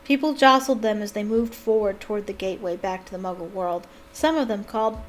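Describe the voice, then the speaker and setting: A woman's voice: medium pitch, moderate pace, a little hiss or hum. A young woman reading a novel aloud as a fan, breaking off with gushing, exclamatory asides. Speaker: book reader and fan. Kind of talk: casual reading aloud with commentary.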